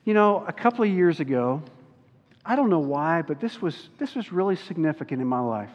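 Pastor type, man with a high voice, earnest sermon delivery, dull recording with a long hall echo. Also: sing-song. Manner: earnest, slows down on key words.

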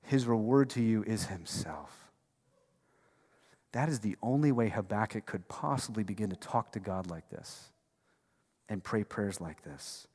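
A man preaching a sermon as pastor, conversational and emphatic, dropping from loud bursts to hushed lines. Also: lowish voice, unhurried, long pauses, slightly rough. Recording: long reverb of a large hall.

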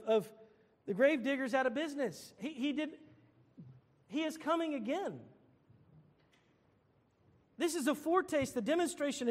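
A man's voice: very high voice, big-room sound. A man preaching a sermon as pastor, earnest, often repeating and restarting his phrases.

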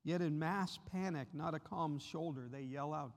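A man's voice: on the high side, normal speed, vocal fry. A male guest preacher giving an earnest sermon, his voice rising sharply when he voices the disciples' cries. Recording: long reverb of a large hall.

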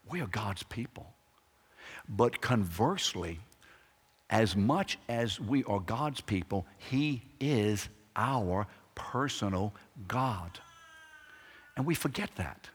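A man's voice: lowish voice, expressive, takes it slowly, husky. A man preaching a sermon with emphatic phrasing and rhetorical questions to the congregation. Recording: echoey hall reverb.

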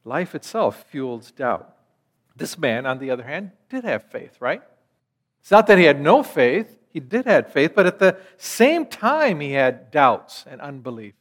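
A man's voice: on the high side, very animated, unhurried, in a large hall. A man preaching a sermon in an earnest teaching manner, asking rhetorical questions.

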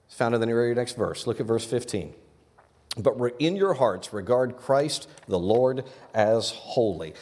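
Male pastor, earnest sermon delivery, mid pitch, big reverberant hall. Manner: earnest, animated preaching with repeated restarts. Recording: long reverb of a large hall.

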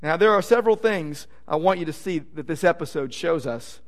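A man preaching a sermon as pastor, emphatic, repeating phrases and swinging from loud declarations to hushed asides. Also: fairly high pitch, lively intonation, a little fast.

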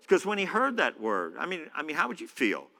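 A man's voice: on the high side, wildly swooping pitch, brisk, bright, forceful tone. A man preaching a sermon in a church, conversational, with many fillers. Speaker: pastor. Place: church hall. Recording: echoey church hall.

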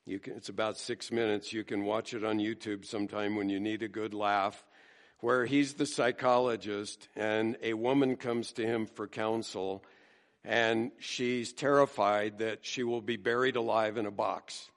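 A man's voice: fairly low pitch, steady tone, a little slow. A male pastor preaching a sermon in a conversational storytelling manner. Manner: conversational storytelling, acting out quotes.

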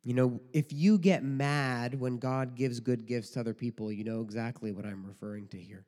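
A man's voice: mid-range voice, fairly even intonation, moderate pace, a little mellow. Conversational man preaching in a reverberant hall. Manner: conversational preaching with rhetorical questions and mock quotes. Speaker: pastor. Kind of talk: sermon.

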